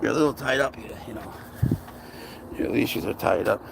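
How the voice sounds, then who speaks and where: A man's voice: fairly low pitch, normal speed, vocal fry, a little hiss or hum. A man filming his cat at an outdoor playground, chatting casually with profane, exasperated banter. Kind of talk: casual vlog chat.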